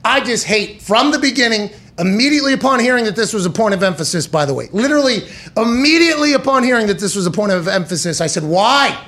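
Man, sports talk host, high voice, sarcastic, profane, ranting. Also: expressive, fast, hardly any pauses, a bit bright. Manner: sarcastic, profane, building rants; switches into mocking voices. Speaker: podcast host. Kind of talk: sports talk show rant.

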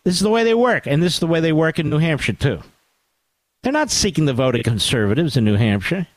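A man hosting a talk radio show, delivering a sarcastic, animated political monologue with asides to his producer. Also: on the high side, fast, no echo.

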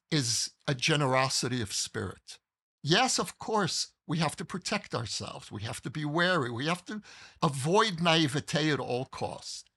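A man telling a personal story in conversation, measured and earnest, pausing mid-thought. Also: fairly high pitch, bright, forceful tone.

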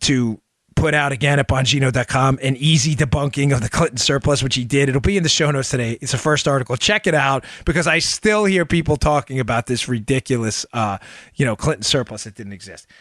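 A man hosting a political talk show, giving opinionated commentary full of sarcasm and mocking quotes, rising to loud outbursts and dropping to low asides. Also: fairly quick, dry recording, studio quality.

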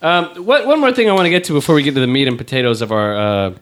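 A man's voice: a little high, lively intonation, quick pace. Rambling, jokey male podcast host. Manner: rambling, jokey, lots of fillers. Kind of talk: casual chat.

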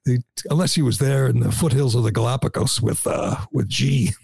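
A man's voice: medium pitch, a little fast, gravelly, a little mellow, breathy edge, no room sound. A male host talking casually and wryly, laughing often. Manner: chatty, wry, laughs often. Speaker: show host. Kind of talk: casual political talk.

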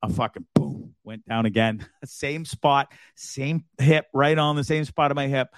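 A man's voice: medium pitch, measured pace, no echo. Man, crude jokey show host, self-mocking stories, dry close sound. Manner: crude, joking, self-deprecating storyteller. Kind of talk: casual livestream chat.

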